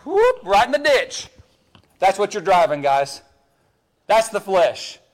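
High-voiced, emphatic male preacher. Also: huge pitch swings, takes it slowly. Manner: emphatic, stammering repeats, swings between loud and hushed. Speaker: pastor. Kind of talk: sermon.

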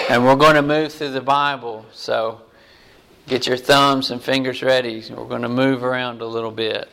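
Man preaching, slow and deliberate, smooth resonant voice, reads scripture aloud. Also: medium pitch, fairly bright tone. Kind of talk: sermon.

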